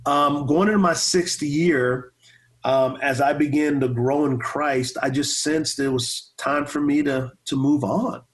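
A man's voice: fairly high pitch, steady tone, measured pace. A man in his forties, a pastor and former football player, telling stories in a casual interview with energy, repeating words and stuttering a little. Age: 40s.

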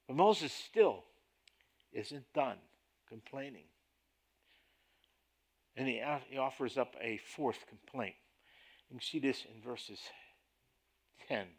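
A man preaching a sermon as a pastor, deliberate and emphatic in his delivery. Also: medium pitch, animated, slightly rough.

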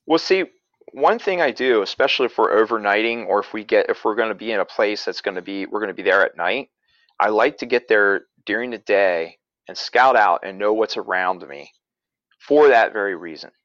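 A man's voice: fairly low pitch, moderate pace, fairly bright tone, no echo, dull audio. A man and podcast regular telling a story casually, rambling with many fillers and restarts. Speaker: paranormal investigator and podcaster.

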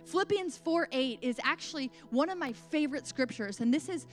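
High-voiced woman preaching earnestly. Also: animated, fairly quick, faint music behind. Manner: earnest, emphatic preaching with casual asides. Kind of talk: devotional sermon talk.

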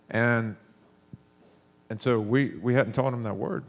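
A man's voice: mid-range voice, steady tone, measured pace, long pauses. A man in his thirties preaching a sermon, telling stories in a conversational way with frequent restarts.

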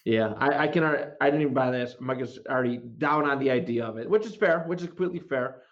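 Male podcast host, mid-pitched, halting delivery, dull lo-fi recording. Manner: halting, many restarts. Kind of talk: casual chat. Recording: dull lo-fi audio.

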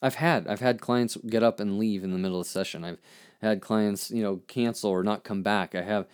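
Man, lowish voice, earnest, halting with many restarts, reflective podcast commentary. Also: fairly even intonation, clear, resonant tone. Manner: earnest and searching. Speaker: podcast host and therapist. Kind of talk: reflective commentary on his own poem.

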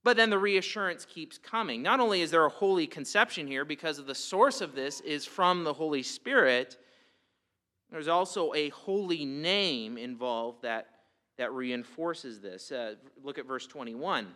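Bright-voiced man preaching a sermon. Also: a little high, expressive, moderate pace. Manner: emphatic, rhetorical questions, repeats words. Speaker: pastor.

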